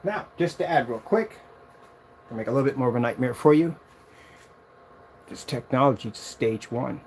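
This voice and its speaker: A man casually demonstrating a projection screen on a vlog, excited and rambling, boasting about his product. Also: normal speed, slight background noise. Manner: sings snatches of a tune in a high voice.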